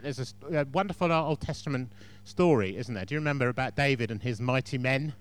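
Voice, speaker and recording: A man's voice: medium pitch, lively intonation, fast, slight background noise. A man preaching a sermon in a chatty storytelling way, with frequent asides to the congregation.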